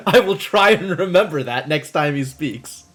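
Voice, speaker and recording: A man's voice: a little high, animated, unhurried, fairly bright tone, soft background music. A young man streaming a video game, chatting animatedly with his audience and laughing often. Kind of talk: casual live-stream commentary.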